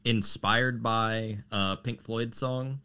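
A man's voice: fairly low pitch, steady tone, takes it slowly, sharp tone, clean tone. A young man co-hosting a casual music podcast, easygoing and wry, mildly critical. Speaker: podcast co-host. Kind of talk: casual chat.

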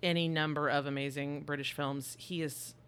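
A woman co-hosting a podcast, recapping a movie in casual chat with an animated, joking, irreverent manner. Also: low-pitched, moderate pace, smooth. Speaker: podcast co-host.

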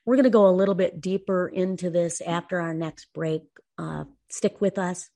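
A woman co-hosting a talk show, telling a personal story in an earnest, lively way. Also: lowish voice, moderate pace, vocal fry. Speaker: co-host. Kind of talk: casual podcast talk.

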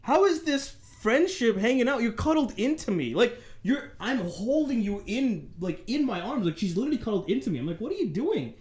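A lively young man on a casual podcast, his fairly high voice swinging up and down as he acts out each part of his story. He swears freely and keeps the tale moving. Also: fairly quick, hardly any pauses. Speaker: podcast co-host.

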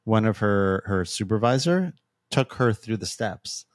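Low-voiced man explaining, dry. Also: lively intonation, a little slow, dry recording. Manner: explanatory, with frequent restarts. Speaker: podcast co-host. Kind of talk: casual podcast discussion.

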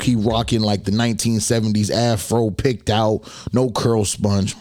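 A man's voice: lowish voice, level tone, unhurried, few pauses, darkish tone, dry recording, clean studio sound. Slangy man hosting a casual podcast. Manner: loose, slangy, addresses listeners directly. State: slightly losing his voice. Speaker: podcast host. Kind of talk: casual solo podcast talk.

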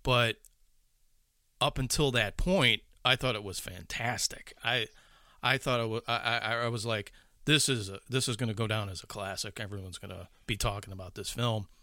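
A man's voice: lowish voice, fairly even intonation, normal speed, bright, forceful tone, no echo, clean studio sound. A man chatting casually about movies, rambling with many restarts and swearing. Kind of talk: casual chat about films.

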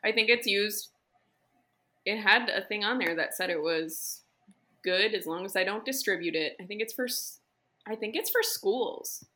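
Giggly, bright-voiced young woman. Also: medium pitch, normal speed. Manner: giggly, animated, playful. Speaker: podcast guest. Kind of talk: casual book podcast chat.

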